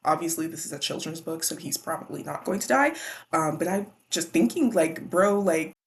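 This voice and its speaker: A woman casually recapping a children's book, animated and slangy. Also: low voice, normal speed, a little hiss or hum. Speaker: book vlogger.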